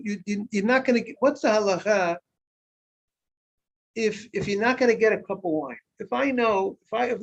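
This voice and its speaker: A man, a rabbi, teaching an informal Talmud class, often repeating words and asking his students questions that he then answers himself. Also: high voice. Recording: dull lo-fi recording.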